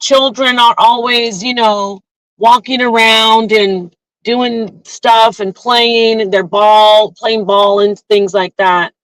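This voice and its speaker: A woman hosting a casual live vlog from her car, rambling and animated as she tells a story, recorded on a phone. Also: a little high, slow pace, dry recording, low-quality recording. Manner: chatty, rambling, animated retelling. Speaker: livestream host.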